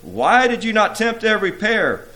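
A man's voice: on the high side, expressive, moderate pace, fairly bright tone, pitched above the performer's own voice. A man voicing a furious male demon prince who barks and roars his commands. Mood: enraged. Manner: roaring, barking commands.

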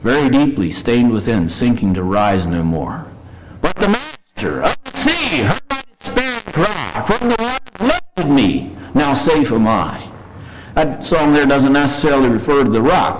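A man preaching a morning sermon, reading scripture slowly and earnestly and pleading with his listeners. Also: medium pitch, a little hiss or hum, rough recording. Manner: reads verses slowly and earnestly, pleads with rising intensity.

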